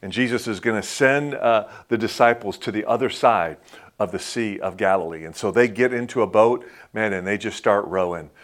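A man preaching a sermon as a pastor in a conversational way, often dropping to a soft hush and saying "man" and "right?" a lot. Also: on the low side, moderate pace. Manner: frequent filler "man" and "right?".

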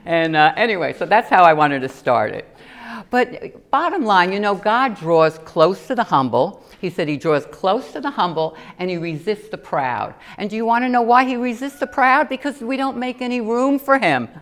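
A middle-aged woman serving as a lay preacher gives an earnest personal testimony during a sermon, telling stories with animated asides. Her voice is mid-range and she keeps a moderate pace.

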